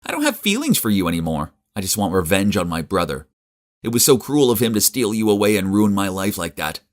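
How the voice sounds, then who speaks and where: A man voicing a scheming, vengeful young woman in an animated story, pitching his voice up. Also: a little fast. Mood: scornful.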